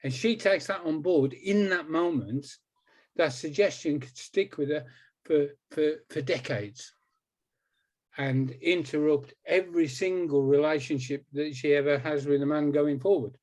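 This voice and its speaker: A man's voice: on the high side, measured pace, darkish tone. A man in his sixties, a hypnotist guest in a conversational interview, talking emphatically and repeating words for stress.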